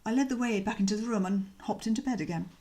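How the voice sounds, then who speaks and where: A woman narrating a comic novel with a lively, expressive reading. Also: medium pitch, fast talker, a little hiss or hum. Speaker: audiobook narrator. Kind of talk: audiobook narration.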